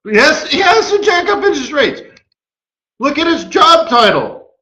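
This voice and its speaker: A man hosting a live trading webinar, animated and full of rhetorical questions. His voice is bright and fairly high for a man. The room echoes noticeably around him. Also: normal speed. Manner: animated, rhetorical, keeps asking "right?". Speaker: market strategist hosting a webinar.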